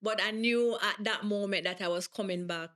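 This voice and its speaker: A Jamaican woman speaks as an interview guest with a bright, forceful tone. She tells her story with energy and emphasis, often slipping into patois. She sounds like she is in her thirties. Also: medium pitch, moderate pace. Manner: animated, emphatic, slips into patois. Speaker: guest athlete.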